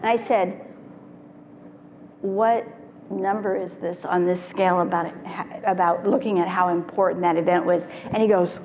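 A middle-aged woman, a child therapist, telling stories to parents in an animated way and acting out the voices she quotes. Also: fairly low pitch, normal speed. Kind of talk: storytelling talk to parents. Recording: reverberant hall, dull lo-fi sound, faint noise.

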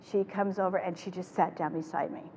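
An older woman presenting a parenting workshop to a live audience, talking in an animated way and acting out the phrases she quotes. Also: on the low side, brisk. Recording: echoey hall with faint noise.

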